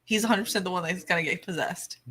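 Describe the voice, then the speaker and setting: A woman's voice: lowish voice, fast talker, a bit bright, breathy edge. A woman from the rural Midwest co-hosting a watch-party stream, reading chat and joking bluntly with lots of swearing. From rural Midwest of the United States. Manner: laughs often, swears, blunt. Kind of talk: casual joking commentary.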